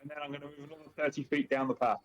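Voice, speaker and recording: Aussie male player, fairly high voice, plain and dry, with a jokey side. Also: flat delivery, racing. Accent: Australian. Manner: plain, matter-of-fact, jokey. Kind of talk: casual chat at a game table.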